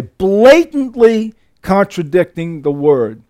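A man's voice: on the high side, expressive, measured pace, hardly any pauses, mellow. A man preaching a sermon, teaching through scripture verse by verse and stressing key words with emphasis.

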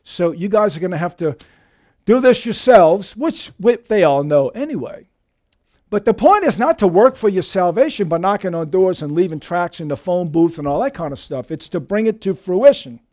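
A man preaching a sermon as pastor, emphatic and lively, often calling his listeners dear friends. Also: moderate pace. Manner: emphatic preaching with lively shifts in pitch and volume.

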